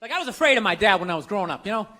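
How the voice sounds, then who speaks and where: Bright, high-voiced man doing stand-up. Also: very animated, very fast. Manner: storytelling, cursing, conversational with audience. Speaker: stand-up comedian. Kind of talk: stand-up comedy set. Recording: live stand-up with faint crowd and noise.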